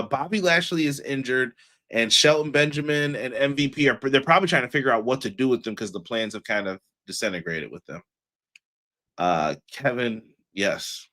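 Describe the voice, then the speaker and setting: Slangy, animated wrestling reviewer man. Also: medium pitch. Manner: slangy, animated, laughs often. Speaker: podcast co-host. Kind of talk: casual wrestling show review.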